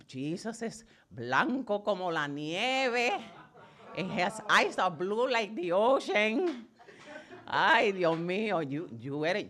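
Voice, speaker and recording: A woman's voice: mid-range voice, bright, forceful tone, voice pushed up. Woman doing her dramatic old Latina grandma. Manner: mixes Spanish and English, exclaims to God.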